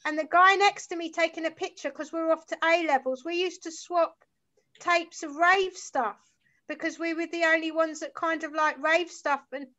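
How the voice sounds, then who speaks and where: Guest: London woman in her forties, very high and bright, sweary rambling storyteller, muffled lo-fi recording. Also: steady tone, moderate pace. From South London, England. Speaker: guest musician. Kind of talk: casual chat. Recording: slightly muffled lo-fi sound.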